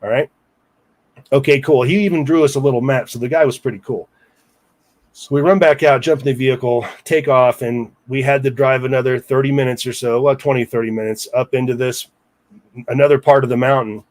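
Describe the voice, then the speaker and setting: A man's voice: mid-range voice, steady tone, fairly quick, darkish tone. A man recounting a personal story in a casual interview, rambling with asides to the listener. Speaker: guest storyteller.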